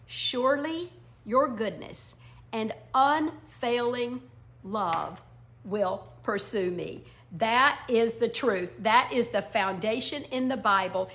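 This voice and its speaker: A woman teaching a devotional Bible lesson, speaking earnestly and often dropping to a soft near-whisper. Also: fairly high pitch. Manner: speaks song lyrics in a slow cadence.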